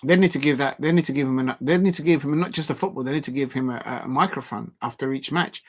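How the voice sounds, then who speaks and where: A man's voice: mid-range voice, fast. A man hosting a live football watch-along, reading viewer comments aloud and ranting indignantly.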